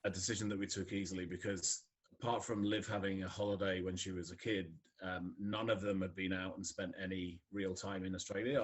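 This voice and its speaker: Scottish-born guy who sounds neutral english, lowish voice, chatty, laughs a lot, lots of ums. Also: a bit bright. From Scotland. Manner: chatty, laughs often, many fillers. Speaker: podcast guest. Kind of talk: casual conversation.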